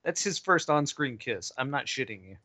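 A man's voice: medium pitch, lively intonation, normal speed, bright, forceful tone, no echo. Profane man, dry close sound. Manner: loose, profane, laughing asides. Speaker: podcast co-host. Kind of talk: casual movie podcast chat.

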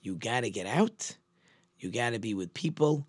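A man's voice: mid-range voice, animated, normal speed, no room sound, close to an everyday voice. A man voicing an exasperated husband urging his grieving wife to go out, within a spoken story. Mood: pleading. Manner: urgent, pleading.

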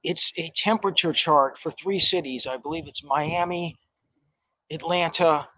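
A man's voice: a little high, a little slow, pushed and bright, dry recording, rough recording. A man speaking as a panelist, building an argumentative case step by step. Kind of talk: panel discussion commentary.

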